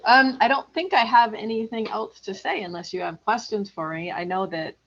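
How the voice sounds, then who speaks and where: A woman guest in an interview, speaking calmly and reflectively in casual chat. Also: medium pitch, moderate pace, highs cut off.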